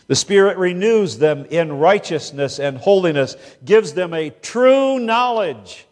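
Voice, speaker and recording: A man preaching a sermon as pastor, slow and deliberate, with emphatic rises on key words. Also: mid-range voice, darkish tone, in a large hall.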